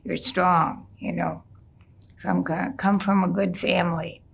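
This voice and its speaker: A proud, encouraging father coaxes his son through a hard task, as a woman storyteller quotes him. His voice is slow and gravelly, with a reassuring, insistent tone. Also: lowish voice, little pitch movement, heavily acted. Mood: coaxing. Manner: reassuring and coaxing.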